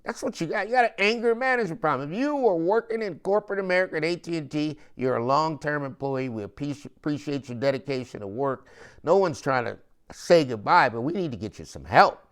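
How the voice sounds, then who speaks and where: A man's voice: a little high, animated, a little fast. A man hosting a sports podcast, ranting with emphatic, repetitive rhetorical questions and slangy talk. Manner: slangy, repeats phrases for emphasis. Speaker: podcast host. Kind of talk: opinionated sports commentary monologue.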